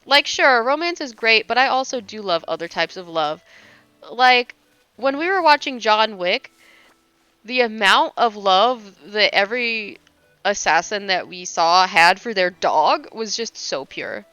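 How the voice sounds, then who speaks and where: A woman's voice: medium pitch, expressive, unhurried, pushed and bright, clear, resonant tone, no echo, highs cut off, soft background music. A young woman livestreaming while gaming, chatting casually and gushingly, laughing often and swearing offhandedly at herself.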